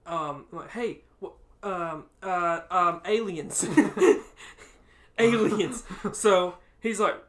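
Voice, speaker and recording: A man co-hosting a podcast, telling a story in casual chat, laughing often and acting out quotes loudly. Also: high voice, very slow. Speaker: podcast co-host.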